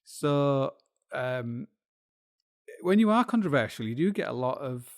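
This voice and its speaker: A man's voice: medium pitch, big pitch swings, unhurried. A middle-aged man with a Yorkshire accent hosting a podcast, musing in a meandering, self-deprecating solo monologue full of restarts and asides. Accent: Yorkshire English. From Yorkshire, England. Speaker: podcast host.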